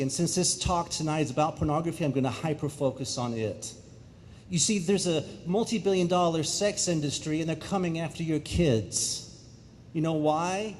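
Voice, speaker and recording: Lively middle-aged man addressing a crowd. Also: a little high, slight background noise. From England. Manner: animated, joking with the audience. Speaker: speaker. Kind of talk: energetic public talk. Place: school auditorium.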